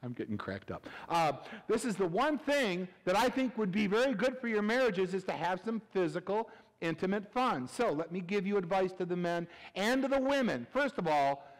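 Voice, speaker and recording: A middle-aged male pastor preaching a humorous sermon, animated and joking, swinging between loud bursts and hushed asides. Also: sits high, moderate pace. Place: church sanctuary. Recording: reverberant church hall.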